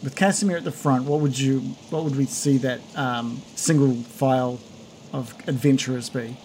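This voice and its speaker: A man's voice: mid-range voice, steady tone, normal speed, darkish tone, slight background noise. A man narrating as game master, rambling and correcting himself as he describes the scene. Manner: rambling, self-correcting, chuckling.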